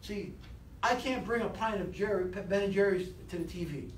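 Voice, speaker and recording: A man leading a live motivational sales seminar, animated and rousing, constantly quizzing his audience, recorded from a distance in an echoey training room. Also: high voice, moderate pace. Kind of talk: live seminar talk to a class. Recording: echoey room, distant mic, faint hiss.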